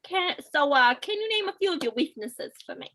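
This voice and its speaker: Woman acting an erratic interviewer, abrupt outbursts, lively pitch, bright tone, stage comedy. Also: brisk, heavily acted, low-quality recording. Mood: businesslike. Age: young adult.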